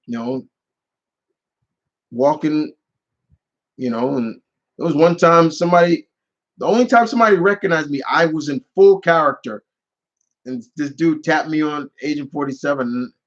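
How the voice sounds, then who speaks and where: A man's voice: a little high, fairly bright tone. Guy rambling through stories on his live q&a, kinda muffled lo-fi mic. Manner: rambling storyteller with many restarts and fillers. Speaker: channel host answering live questions. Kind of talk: casual live Q&A chat.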